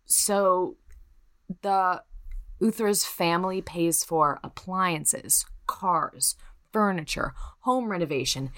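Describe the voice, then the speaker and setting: A woman co-hosting a podcast, telling a true crime story in casual, profane chat and putting on quick voices for the people in it. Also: mid-range voice, fairly bright tone, dry recording, clean studio sound.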